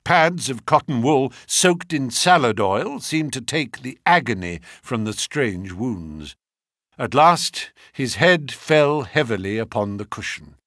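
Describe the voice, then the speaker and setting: A man's voice: mid-range voice, fairly bright tone, dry recording, studio quality. A man reading a detective story aloud as narrator, voicing the characters himself. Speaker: audiobook narrator. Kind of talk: scripted narration with character voices.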